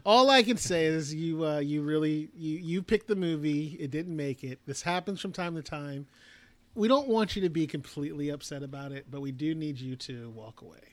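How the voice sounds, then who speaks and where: A man's voice: fairly high pitch, normal speed, no echo. A man co-hosting a podcast in casual chat, teasing his friends. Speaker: podcast co-host.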